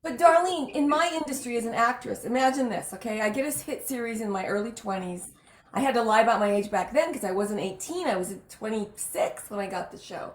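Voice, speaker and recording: A woman's voice: on the high side, brisk, reverberant. A woman podcast host chatting casually and telling stories emphatically. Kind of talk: casual chat.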